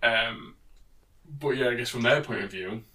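A man's voice: medium pitch, normal speed, bright, forceful tone, distant mic. A man co-hosting a casual book-discussion podcast, laughing often and swearing in loose banter. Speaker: podcast co-host.

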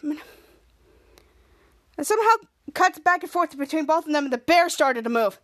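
A woman hosting a podcast, casually recapping a TV episode in a halting way, often restarting and repeating words. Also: high voice, lively intonation, a bit bright. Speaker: podcast host.

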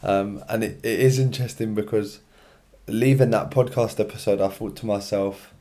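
A man's voice: fairly low pitch, fairly even intonation, moderate pace, mellow, slight background noise. A tired young man, hosting his own solo podcast in a chatty, rambling, slangy way from his room. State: tired, yawning. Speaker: podcast host. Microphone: own podcast mic.

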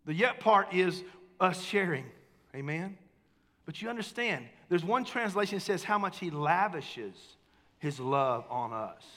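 A high-pitched male pastor delivers a sermon, engaging the congregation, calling for amens, and swinging between hushed and emphatic lines. The recording carries a long hall reverb.

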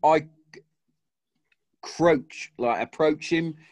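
A man's voice: fairly high pitch, takes it slowly, a little mellow, no room sound. A man and army veteran, telling a war story in casual chat with a lot of swearing and acted-out quotes.

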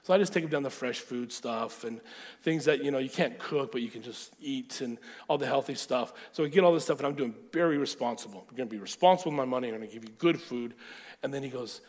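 Animated male preacher in a reverberant hall. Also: mid-range voice, quick pace. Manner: animated storyteller, acting out quotes. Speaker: pastor. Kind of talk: storytelling sermon.

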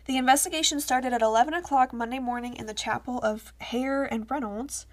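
A woman's voice: high-pitched, a little fast. A woman co-hosting a podcast, reading old news reports aloud in a chatty way and joking between passages. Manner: chatty, laughs and jokes while reading. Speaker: podcast co-host.

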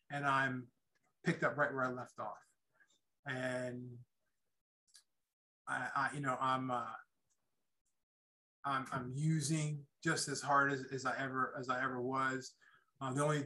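A middle-aged man with a bright, forward tone recounts his own past in a loose, conversational testimony. He stops and restarts often, leaning on "um" and a questioning "right?" as he goes. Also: mid-range voice, poor audio. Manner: halting, many restarts, keeps asking "right?". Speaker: guest telling his life story. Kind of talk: casual spoken testimony.

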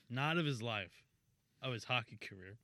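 A man's voice: mid-range voice, animated, moderate pace, bright, forceful tone, no echo. A man co-hosting a casual sports podcast, wry and teasing, laughing often. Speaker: podcast co-host. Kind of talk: casual hockey news chat.

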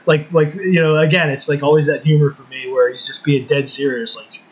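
A podcast co-host with a slightly high voice and steady tone talks fairly quickly in a casual chat. He's laid-back and rambling, using lots of fillers. The recording is muffled and lo-fi.

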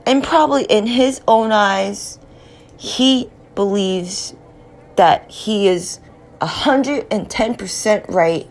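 A woman speaking slowly in an emotional personal monologue, grieving and tearful, often dropping to a near whisper. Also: medium pitch. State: tearful, in grief.

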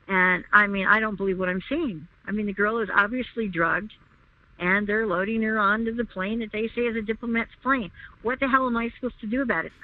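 A woman's voice: steady tone, brisk, dry recording. Woman telling her story over a tinny phone line. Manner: emphatic, repeats herself, rising pitch when upset. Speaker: interview guest. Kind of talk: recounting a personal story.

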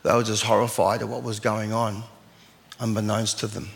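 A man's voice: lowish voice, little pitch movement, moderate pace, vocal fry. A man, a pastor preaching an earnest sermon and reading scripture aloud. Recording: long hall reverb.

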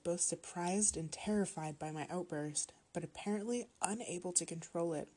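A woman narrating a horror story in a steady, measured reading voice. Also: lowish voice, husky.

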